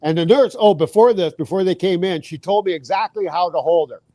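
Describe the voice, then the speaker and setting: Middle-aged man, high voice, dry close mic, animated storyteller. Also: fairly quick, no room sound. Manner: animated anecdote with acted quotes and laughs. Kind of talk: casual storytelling.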